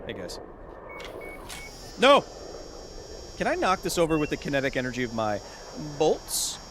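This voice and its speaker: Very animated and fast, a medium-pitched man streams a video game live with slight background noise and loud gunfire and ambience from the game behind him. He yelps at surprise enemies and launches into long science explanations for his chat.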